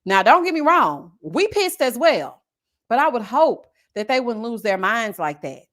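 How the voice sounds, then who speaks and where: A woman from Houston, hosting a livestream and telling stories in animated, slangy casual chat while reading super chats. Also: on the high side, measured pace. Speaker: livestream host.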